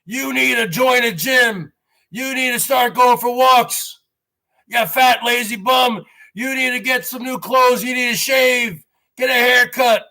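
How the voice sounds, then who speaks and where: A man voicing a loud, bullying male fitness trainer who barks orders in his face. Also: very high voice, fairly even intonation, measured pace, creaky, heavily acted. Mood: barking orders. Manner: shouting orders.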